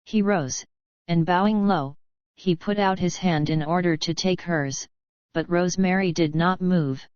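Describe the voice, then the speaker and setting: A woman reading an audiobook in measured, even storytelling narration. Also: on the low side, dry recording, muffled recording. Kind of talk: scripted narration.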